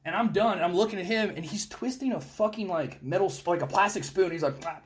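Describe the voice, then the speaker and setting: A young man hosting a podcast, telling war stories in casual chat, animated and full of cursing. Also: high-pitched, quick pace. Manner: animated, profane storytelling. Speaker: podcast host.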